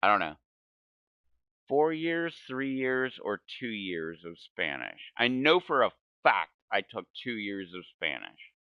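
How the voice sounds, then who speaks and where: A man in his forties chats while gaming, drifting from thought to thought and correcting himself with frequent laughs. His voice is low and smooth, and he speaks at an unhurried pace. The audio is dry and a little dull. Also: very animated, dry recording. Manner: meandering, self-correcting, laughs often. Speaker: gaming channel host. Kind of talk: casual rambling storytelling while gaming.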